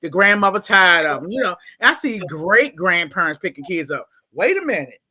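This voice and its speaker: Baltimore woman, animated storyteller with a bright voice, who mimics people as she talks. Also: fairly low pitch, normal speed, hardly any pauses. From Baltimore, USA. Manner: animated, laughing, acts out quotes in exaggerated voices. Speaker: guest, school staff. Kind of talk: casual storytelling interview.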